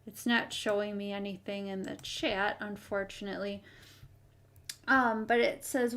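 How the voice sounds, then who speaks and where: A woman hosting her own live stream, talking in an earnest, hesitant way with many pauses and fillers. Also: mid-range voice, level tone, sharp tone, smooth. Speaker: channel host.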